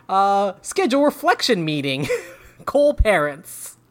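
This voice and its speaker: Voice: mid-range voice, huge pitch swings, slow pace. A podcast co-host reading recap notes and joking in casual chat.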